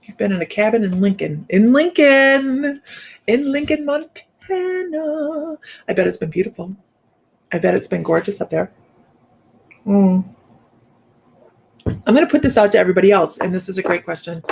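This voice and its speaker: A woman's voice: on the low side, a little fast, creaky, long pauses, darkish tone, breathy edge. A middle-aged woman hosting a casual livestream, chatty and upbeat, reading out viewer comments and laughing often. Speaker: psychic medium livestream host.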